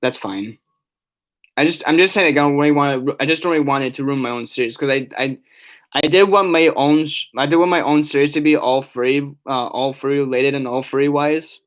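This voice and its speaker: A tired young man with a medium-pitched voice chats briskly on a casual live stream, yawning as he reads chat aloud. He rambles, restarting often and using lots of fillers.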